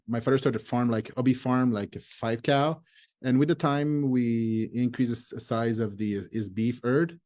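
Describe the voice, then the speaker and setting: A man in his thirties with a French Canadian accent, a native French speaker talking in halting English with restarts as a farming guest in an interview. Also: mid-range voice, mellow. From Quebec, Canada. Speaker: guest, forage lecturer. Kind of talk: casual interview.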